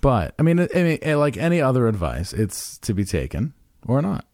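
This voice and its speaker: A man's voice: medium pitch, big pitch swings, normal speed, darkish tone, dry recording, clean studio sound. A man co-hosting a casual podcast chat, rambling and self-deprecating, restarting his sentences often. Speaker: podcast co-host.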